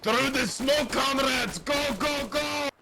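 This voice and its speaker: Man putting on a shrill Soviet soldier's battle cry. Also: takes it slowly, background noise, exaggerated voice. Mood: urgent. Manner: shouted battle cries. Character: rallying Soviet infantryman urging comrades on. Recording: game gunfire over the voice.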